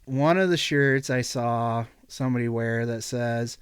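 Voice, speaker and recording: A man from the American Midwest chatting as a podcast guest, easygoing and quick to laugh, with lots of fillers. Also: medium pitch, clean tone, no room sound. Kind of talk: casual podcast chat.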